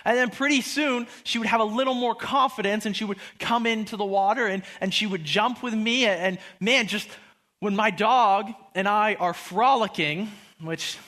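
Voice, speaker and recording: Bright-voiced young man preaching. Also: high voice, normal speed. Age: 20s. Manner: animated storytelling, acting out quotes. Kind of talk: sermon.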